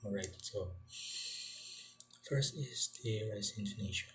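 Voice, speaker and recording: A male teacher giving a classroom lecture, halting and repeating words as he quizzes his students. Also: fairly low pitch, noisy background.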